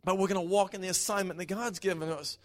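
A man with a strikingly high voice delivers a prophetic sermon at a church service. His delivery is fervent and rhythmic, swelling into chant-like phrases and shouted declarations. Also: steady tone, fast. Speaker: preacher delivering a prophetic word.

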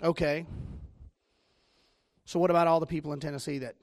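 A man's voice: a little high, fairly even intonation, fairly quick. A man with a Southern US accent preaching a sermon, telling stories with self-deprecating humor. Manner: joking, self-deprecating storytelling.

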